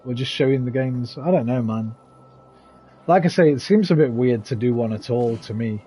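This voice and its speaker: A man with a mid-range, mellow voice talks at a moderate pace over slight background noise. He's a gaming streamer chatting casually with viewers while he plays, greeting them by name and swearing freely.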